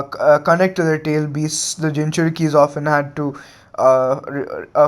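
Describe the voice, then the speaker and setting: A young man improvising a fan story, halting and full of filler words and restarts. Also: a little high. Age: young adult.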